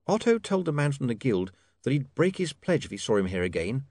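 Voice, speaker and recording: A man voicing a prim, indignant young woman reporter who talks in a snappish, proper way, well above his own pitch. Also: big pitch swings, a little fast, a little mellow, dry recording. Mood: disapproving. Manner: primly snappish.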